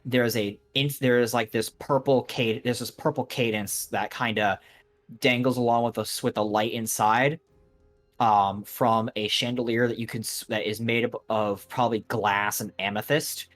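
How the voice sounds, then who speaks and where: A man running a tabletop game, painting the scene piece by piece with frequent restarts and fillers. His voice sits in a middle range, with soft music playing behind. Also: medium pitch, fairly even intonation. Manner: halting, many restarts and fillers while describing. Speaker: game master.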